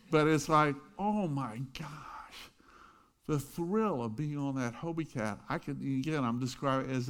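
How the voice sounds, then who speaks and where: Storytelling man preaching a sermon. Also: mid-range voice. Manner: storytelling, animated, chuckling asides. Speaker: pastor.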